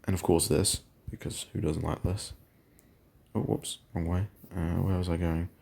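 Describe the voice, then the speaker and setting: A man's voice: low voice, fairly even intonation, moderate pace, creaky, mellow. A man giving casual, rambling game commentary, often stopping to correct himself. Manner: rambling, self-correcting, chatty. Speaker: gaming channel host.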